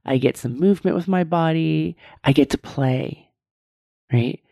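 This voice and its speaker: Earnest woman in her fifties, mellow voice. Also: sits low, no echo, clean studio sound. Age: 50s. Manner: earnest, repeats points for emphasis, asks "right?" often. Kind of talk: reflective motivational monologue.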